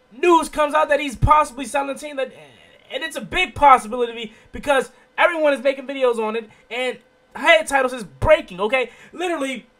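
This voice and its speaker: An excitable man with a high voice hosts his own sports video show, rambling through breaking news in excited, casual commentary. He keeps adding "okay?" to his sentences and sounds a bit under the weather.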